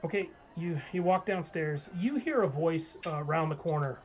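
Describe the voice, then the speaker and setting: A game master narrating a live-streamed tabletop game, hesitant with lots of pauses and restarts. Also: mid-range voice, animated, lo-fi sound. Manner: hesitant, many ums and restarts.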